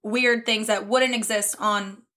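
A woman's voice: medium pitch, fairly even intonation, measured pace, bright, forceful tone. A young woman co-hosting a podcast in casual chat, chatty and often laughing. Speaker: podcast co-host.

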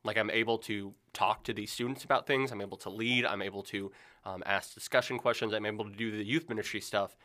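Young youth minister guy, low bright voice, earnest, lots of ums. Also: steady tone, fast. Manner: earnest, rambling with many ums. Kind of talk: casual chat.

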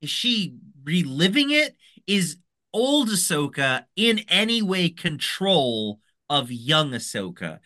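Male co-host, slightly high, bright, excitable recap chatter. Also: takes it slowly. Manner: excitable, rambling with restarts. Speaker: podcast co-host. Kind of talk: casual recap chat.

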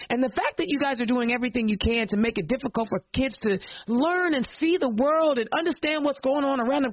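A woman's voice: high-pitched, no room sound. A woman hosting a political podcast, ranting with passion and rhetorical questions in casual slang, then introducing her sponsors and guests. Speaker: podcast host. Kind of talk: impassioned political rant and show hosting. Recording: dull lo-fi dry podcast audio.

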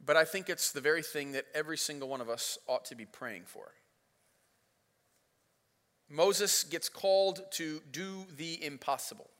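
A man's voice: fairly high pitch, moderate pace, a bit bright. A man preaching a sermon as pastor, retelling the story in a casual, playful way. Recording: reverberant hall.

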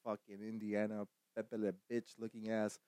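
A man's voice: fairly low pitch, completely flat delivery, moderate pace, clean tone, dry recording. Profane rambling male streamer. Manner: profane, rambling, laughs at own jokes; bursts into loud shouted insults. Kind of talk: casual gaming stream chatter.

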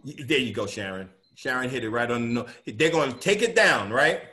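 A man's voice: mid-range voice, lively intonation, brisk, pushed and bright. A man giving an interactive money lesson, quizzing his audience and pushing points home with an emphatic "right?". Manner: quizzes the audience, call-and-response; emphatic, repeats "right?" as a tag. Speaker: financial educator. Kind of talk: interactive teaching talk.

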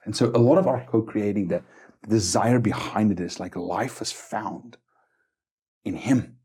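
A middle-aged man from South Africa talks earnestly in a low, gravelly voice. His husky tone stays mellow and dark as he tells his stories, often repeating words and checking in with "right?". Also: a little slow. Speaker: missions base leader, guest. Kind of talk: conversational storytelling interview.

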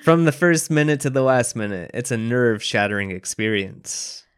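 A man's voice: medium pitch, expressive, moderate pace, clear, resonant tone. Laid-back male podcast co-host, conversational and amused. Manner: easygoing, laughs often, reads out quotes. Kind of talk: casual chat.

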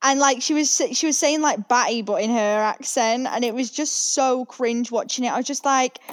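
Young woman from the UK, podcast co-host, fairly high voice, giggly and gossipy. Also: moderate pace. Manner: chatty, giggly, gossipy storytelling. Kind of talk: casual chat.

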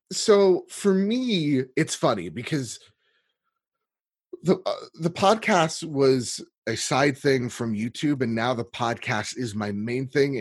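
A man chatting on a podcast about his own gaming show. His voice is a bit husky, and the recording is dry and close. He talks in an animated way, swears casually and laughs easily. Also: mid-range voice, dry recording. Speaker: guest, gaming podcast host.

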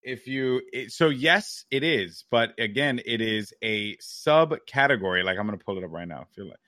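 A man's voice: mid-range voice, lively intonation, moderate pace, pushed and bright, no room sound, clean studio sound. A man co-hosting a podcast, chatting casually in a loose, rambling, jokey way with bursts of mock outrage. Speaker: podcast co-host. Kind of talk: casual chat.

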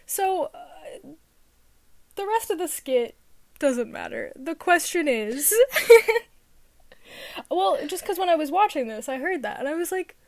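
A woman's voice: high voice, animated, slow pace, pauses often, no echo. A woman co-hosting a podcast in casual chat, giggly and rambling with lots of fillers. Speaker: podcast co-host.

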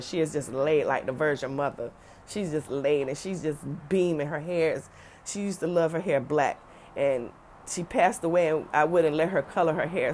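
A middle-aged woman telling a personal story in a lively way, acting out the voices of the people in it. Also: low voice, a little hiss or hum. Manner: animated, acts out other people's voices.

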